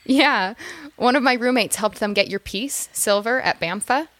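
A woman's voice: a little high, moderate pace, a bit bright, dry recording, lightly acted. A woman playing a nervous, chatty young mother. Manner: chatty, nervous with small laughs. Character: eager young mother, psychology graduate.

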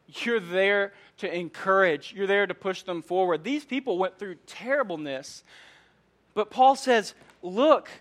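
A young man with a high voice delivers a sermon. He talks in a relaxed, chatty way and tells personal stories. He often drops in fillers like "man" and "like". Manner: casual, conversational preaching with storytelling. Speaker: preacher.

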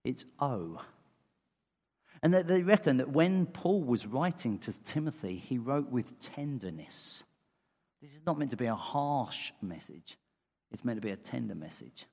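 A man preaching a sermon in earnest tones, moving between loud emphasis and soft, tender asides. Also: mid-range voice, expressive, moderate pace. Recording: long hall reverb.

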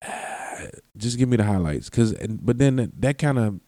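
A man with a fairly low, dark-toned voice and lively intonation speaks at normal speed, recorded with no echo. Hosting his podcast solo, he meanders at length, breaks off his sentences, and laughs and curses.

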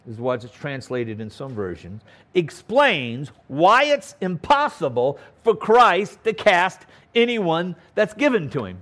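A pastor teaches through a Bible passage in a slow, deliberate sermon, his voice rising and falling with lots of movement. He is a man with a slightly high voice who leans hard on repeated words for emphasis and keeps asking his listeners "okay?". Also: fairly bright tone.

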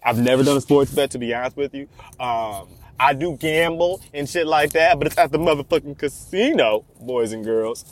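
A vlogger in his twenties talks casually while driving on city streets, rambling and joking with constant profanity. His voice is a little high and fairly bright, in a dry recording.

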